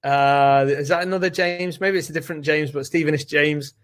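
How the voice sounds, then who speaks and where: A man's voice: a little high, fairly even intonation, a little fast, a bit bright. A British man co-hosting a live webinar from home, chatting casually and upbeat while greeting viewers by name. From United Kingdom. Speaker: co-host of a live training webinar. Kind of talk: casual live-stream chat. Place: home room with doors open.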